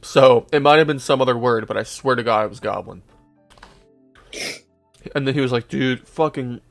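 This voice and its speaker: A man's voice: medium pitch, normal speed, vocal fry, long pauses, faint music behind. A young man hosting a podcast, casually telling a long story to his co-hosts, swearing freely and laughing along. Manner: laid-back, swears often, laughs at his own story. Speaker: podcast host.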